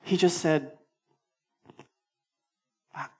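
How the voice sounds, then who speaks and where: A male senior pastor delivering a sermon in an animated, conversational way, with emphatic repetition and self-deprecating humor. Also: extremely slow.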